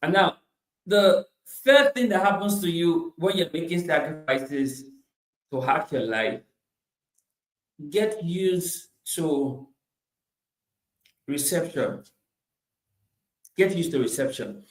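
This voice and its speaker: Male motivational speaker, high-pitched and emphatic, in a roomy space. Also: animated, slow, pauses often. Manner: emphatic, repeats phrases, swings between loud bursts and quiet asides. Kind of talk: motivational talk.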